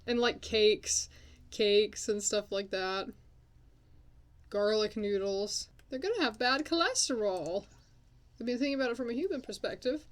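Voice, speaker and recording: A woman's voice: medium pitch, a little slow. Chatty woman scolding her game characters. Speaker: let's play host. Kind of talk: casual game commentary.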